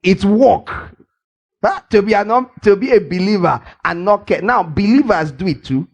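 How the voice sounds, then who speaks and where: An older man preaching a lively sermon, teasing his listeners and acting out little scenes as he goes. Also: high voice, moderate pace. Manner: playful and teasing, acts out scenes, laughs often. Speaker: pastor. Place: church hall.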